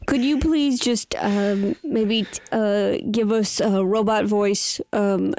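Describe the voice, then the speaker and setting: A woman hosting a comedy call-in game show, upbeat and giggly, trading quick banter with callers. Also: mid-range voice, fairly even intonation, darkish tone, no room sound. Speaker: host.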